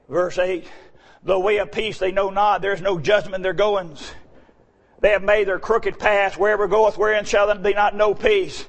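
A middle-aged man preaching a sermon, swinging between quiet asides and shouted, high-pitched exclamations. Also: level tone, normal speed, poor audio.

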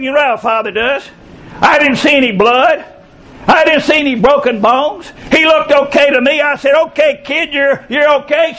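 A man, preaching a folksy sermon, stretching key phrases slowly and breaking into shouts. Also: very high-pitched, rough recording. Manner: folksy storytelling preacher, drawn-out emphatic phrases, bursts of shouting. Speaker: pastor.

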